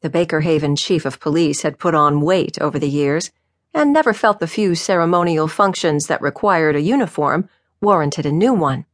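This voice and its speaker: A woman narrating an audiobook in a measured, even way. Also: deep voice, no echo, studio quality.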